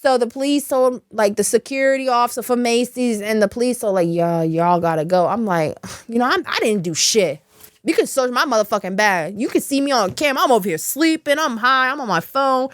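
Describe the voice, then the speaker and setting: A woman's voice: a little high, a little fast, no room sound, studio quality. A young adult woman, a podcast guest, telling a story casually with lots of swearing and laughter. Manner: profane, animated, frequent laughter. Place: podcast studio.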